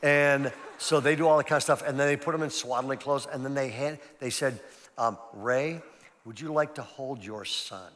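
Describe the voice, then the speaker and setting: A man's voice: mid-range voice, moderate pace, a bit bright. Older male pastor in a reverberant hall. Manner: storytelling, conversational and emphatic. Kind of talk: sermon-style seminar talk. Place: large church hall.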